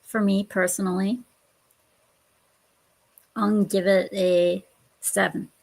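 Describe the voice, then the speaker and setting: A woman's voice: medium pitch, little pitch movement, takes it slowly, creaky, a little mellow. A woman appearing as a guest on a casual podcast, making dry, teasing remarks.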